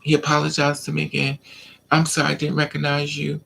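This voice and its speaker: A woman's voice: deep voice, completely flat delivery, brisk, vocal fry, a bit bright, a little hiss or hum. A woman vlogger telling a personal story in a casual rant, animatedly acting out both sides of an argument.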